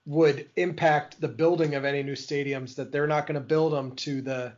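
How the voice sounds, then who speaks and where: A man with a somewhat high voice trading quick jokes in a podcast chat. He sounds teasing and relaxed, and the recording is dull and lo-fi. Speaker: podcast co-host. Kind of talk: casual chat.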